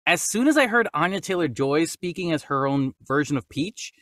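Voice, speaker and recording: A man co-hosting a casual movie news podcast, talking excitedly and emphatically. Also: fairly high pitch, moderate pace, no room sound, clean studio sound. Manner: excited, emphatic, calls his co-host dude. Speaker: podcast co-host.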